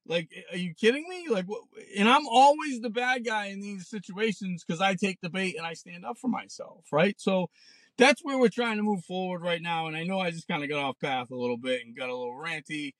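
This podcast host, a man in his forties, delivers a sarcastic, blunt, swear-filled rant from a parked car. His high, expressive voice is a bit bright and moves at normal speed, with no room sound.

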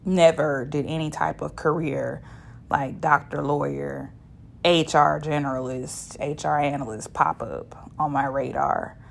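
A woman's voice: sits low, fairly even intonation, measured pace, gravelly, a little hiss or hum. A woman, hosting a podcast as a blunt, profane solo monologue. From Shreveport, Louisiana, US. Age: 30s. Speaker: podcast host.

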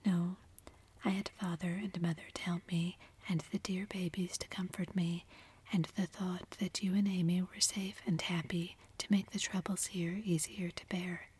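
A woman voicing a gentle, wistful young woman who speaks in a kind, reassuring tone, in whispered role-play. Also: lowish voice, little pitch movement, moderate pace, a little hiss or hum, close to an everyday voice.

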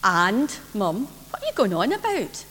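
A woman voicing an excitable, impatient young girl during a sermon's children's story. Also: mid-range voice, a little slow, full character voice. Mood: eager. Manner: breathless, impatient, rising questions. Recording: reverberant church, faint hum.

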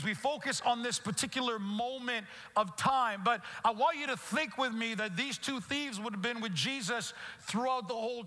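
Male pastor, very high bright timbre, earnest sermon delivery, recorded in an echoey church hall. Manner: earnest preaching, repeats words and restarts phrases. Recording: echoey hall with long reverb.

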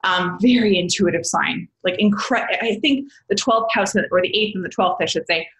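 A woman's voice: mid-range voice, moderate pace, a bit bright, reverberant, rough recording. A woman explaining astrology in a casual, rambling way, often correcting herself as a podcast guest. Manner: rambling, self-correcting, chatty, calls listener babes.

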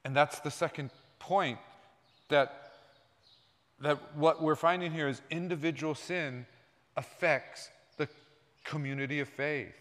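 A man preaching a sermon in a conversational way, sometimes dropping his voice low and sometimes raising it loud. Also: a little slow, pauses often. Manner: conversational preaching, jumps between soft and loud. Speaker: pastor. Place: church sanctuary. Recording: long hall reverb.

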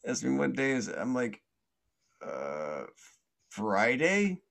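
A man's voice: fairly even intonation, fast talker, gravelly. A man hosting a podcast, telling a story casually with many fillers and restarts, often laughing and acting out the voices of others. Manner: acts out quoted voices loudly and higher. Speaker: podcast host.

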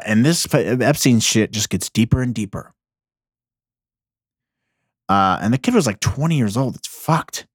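A man's voice: medium pitch, dry recording, studio quality. A man hosting a casual solo podcast, ranting about the news with heavy profanity and rambling restarts. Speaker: podcast host.

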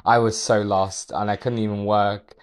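A young man, a podcast guest, telling a personal story in a measured, reflective way with hesitant restarts. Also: on the low side, level tone. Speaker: podcast guest, architectural designer.

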